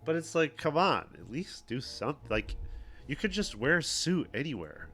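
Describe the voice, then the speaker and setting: A man's voice: a little high, very animated, moderate pace, pushed and bright, faint music behind. A man co-hosting a livestream, giving offhand, mocking outfit commentary that trails off into fillers. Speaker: podcast co-host.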